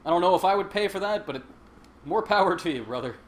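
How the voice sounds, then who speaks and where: A man's voice: sits high, animated, quick pace. A man hosting a casual game stream, joking and laughing as he plays and comments. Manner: joking, chatty, laughs often. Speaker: stream host. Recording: faint game noise behind. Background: game sound.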